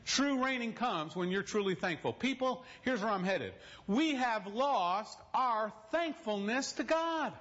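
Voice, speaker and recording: A man's voice: high-pitched, animated, a little slow, few pauses, a bit bright. A man preaching a sermon in a church, telling stories with direct appeals to the congregation and humorous asides. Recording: dull lo-fi recording.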